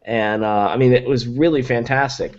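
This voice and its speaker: This medium-pitched man speaks in a steady tone at a moderate pace, muffled in the recording. As a guest reviewer on a laid-back podcast, he excitedly lists specs, full of likes and ums.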